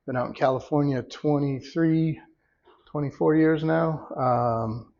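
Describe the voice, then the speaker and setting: A middle-aged man with a gravelly, creaky voice, co-hosting a casual podcast. He speaks haltingly, pausing often on filler words. The sound is somewhat dull and lo-fi. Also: a little high, a little mellow. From Boston, USA. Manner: hesitant, halting, with many fillers. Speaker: podcast co-host. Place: studio.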